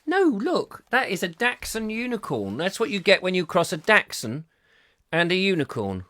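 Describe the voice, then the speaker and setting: Man, comic chat show host, lively swooping pitch, jokey asides. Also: normal speed. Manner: jokey, playful, rambling asides.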